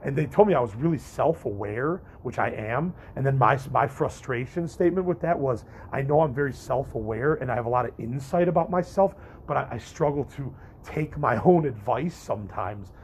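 A young man talks straight to his viewers in a loose, rambling vlog, cursing casually and restarting his thoughts often. His voice sits at an ordinary middle pitch, and a faint hum of background noise runs under it. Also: lively intonation, normal speed, few pauses, a little mellow. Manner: candid, profane, rambling with frequent restarts and fillers. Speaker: vlogger and podcaster.

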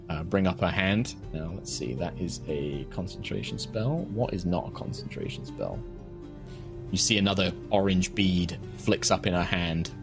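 A man with a low voice runs a tabletop game, narrating and explaining rules in a relaxed way. He fills gaps with "um" and "uh" while soft music plays behind him. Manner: relaxed, descriptive, with frequent fillers. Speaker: game master.

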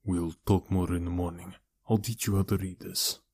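A man voicing a calm, guarded older uncle in an audiobook, speaking quietly and in a measured way. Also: sits low.

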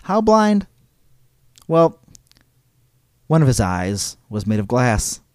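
A man hosting a storytelling podcast, casual and digressive, who stops now and then to read quotes aloud. His voice sits at a middle pitch, recorded close and dry with no room sound. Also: sing-song, slow, no room sound. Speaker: podcast host.

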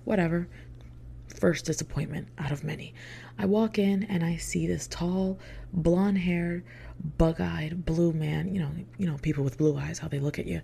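Gravelly, dark-voiced young woman telling stories. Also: lowish voice, steady tone, normal speed, a little hiss or hum. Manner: chatty, swears freely, heavy filler words; drops into hushed whispered asides. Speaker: vlogger. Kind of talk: casual storytime.

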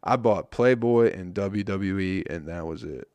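In a dry recording with no room sound, a young man hosts a solo podcast, his low, darkish voice moving a little slowly. He rambles through a casual rant full of swearing and wry self-mockery.

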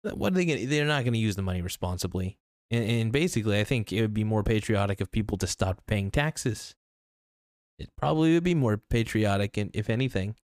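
A man's voice: lowish voice, expressive, fairly quick, no echo, clean studio sound. A young man ranting bluntly and crudely into his own video, rambling with restarts. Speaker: political vlogger. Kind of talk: ranting monologue to camera.

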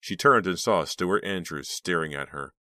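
A man narrating a teen thriller audiobook in a measured storytelling voice. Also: low voice, bright, forceful tone, no room sound. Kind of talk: scripted narration.

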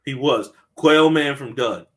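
A man co-hosting a casual podcast chat, excitable and slangy, laughing often. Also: medium pitch, measured pace. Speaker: podcast co-host.

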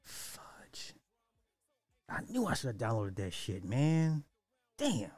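A man's voice: medium pitch, unhurried, dry recording, faint music behind. Loose-talking man ranting casually. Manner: loose, animated, swears, repeats himself.

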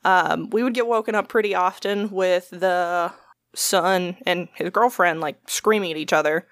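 A woman's voice: lowish voice, normal speed, no echo. A young adult woman telling a long story in casual chat, swearing often and acting out what people said. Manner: profane, animated storytelling with quoted voices.

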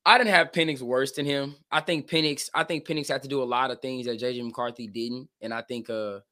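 A man's voice: mid-range voice, fairly even intonation, a little fast, pushed and bright. A man co-hosting a casual sports podcast, blunt and emphatic, often repeating words as he makes his case. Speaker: co-host.

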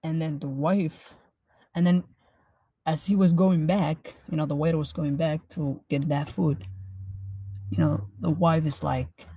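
A woman's voice: low-pitched, steady tone, measured pace, mellow, slightly rough, no room sound. A woman teaching a language lesson, explaining patiently and repeating phrases in both languages.

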